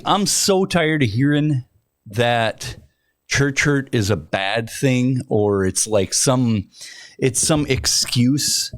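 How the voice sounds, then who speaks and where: Man, reaction host, slow halting talk, dry close sound. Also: medium pitch, dry recording. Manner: slow, hesitant, many fillers and restarts. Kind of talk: casual commentary.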